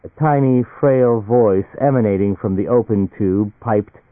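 A man with a fairly low voice reads a novel aloud, measured and even, keeping the characters' lines quiet. The sound is thin and phone-like, with a dry, close feel and no room around it. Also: no echo. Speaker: audiobook narrator. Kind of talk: scripted narration. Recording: tinny phone-like audio.

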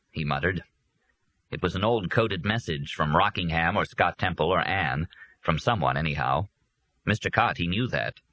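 A man narrating an audiobook in a very deep, husky voice. His tone is bright and forceful despite the low pitch. The recording is close and dry. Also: no echo. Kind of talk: scripted narration.

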